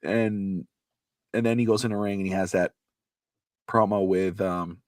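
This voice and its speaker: A man co-hosting a casual podcast, rambling and animated, acting out quotes, with a slightly irritated throat. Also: low voice, measured pace, no echo, clean studio sound. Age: adult with a child. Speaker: podcast co-host.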